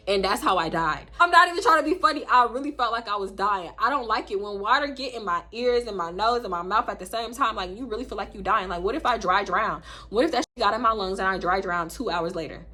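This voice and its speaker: A young woman with a Southern US accent rattles through a storytime vlog at a rapid clip. Her voice is bright and a little husky, and she jumps up high and squeaky whenever she acts out what people said. She talks casually and swears freely. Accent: Southern US, Houston. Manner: animated, profane, acts out quotes in a squeaky high voice. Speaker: storytime YouTuber.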